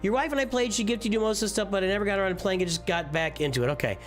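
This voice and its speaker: A man's voice: high-pitched, racing, soft background music. A man casually reviewing a viewer's game roster on a live stream, rambling and easily distracted. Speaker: gaming streamer.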